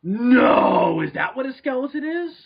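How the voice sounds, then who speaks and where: A man co-hosting a podcast, riffing loosely with excitable, loud outbursts and swearing. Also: very high voice, a little slow, creaky, slightly rough. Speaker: podcast co-host. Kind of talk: casual riffing commentary. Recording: muffled lo-fi recording.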